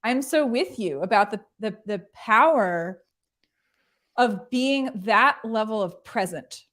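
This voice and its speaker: A woman's voice: a little high, lively intonation, slow pace, fairly bright tone. A woman hosting a casual livestream chat, bubbly and chatty, filling her talk with "like". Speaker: show host.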